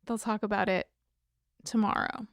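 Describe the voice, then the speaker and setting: A woman's voice: mid-range voice, little pitch movement, moderate pace, dry recording. A woman co-hosting a rewatch podcast, recapping the episode with a wry, dry humor. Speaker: podcast co-host. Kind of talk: casual episode recap chat.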